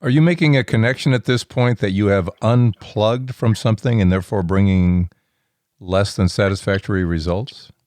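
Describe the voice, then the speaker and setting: A man with a fairly low voice narrates in an even, measured way, like a host. He also asks the guest questions. The sound is dry and close, with no room echo. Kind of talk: scripted narration and interviewing.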